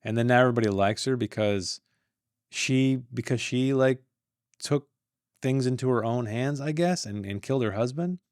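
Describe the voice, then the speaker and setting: A man's voice: medium pitch, moderate pace, a little mellow, no room sound, studio quality. A man hosting a read-along, reading a book aloud and breaking off into rambling, joking asides, often stumbling over words. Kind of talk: casual read-along with commentary.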